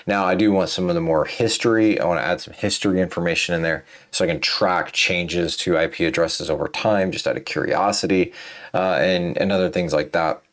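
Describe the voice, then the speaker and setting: A man with a very low voice talks through a coding tutorial in a loose, rambling way. He sounds tired, and his sentences are full of fillers, restarts and asides. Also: fairly even intonation, brisk. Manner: rambling, thinking aloud with many fillers and restarts. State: tired, yawning. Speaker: programming tutorial host. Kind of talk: casual coding walkthrough.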